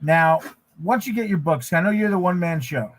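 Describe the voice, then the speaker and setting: A man's voice: a little high, a little fast. A man hosting a casual livestream while drawing, talking in a loose, rambling way with frequent restarts. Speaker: livestream host, artist.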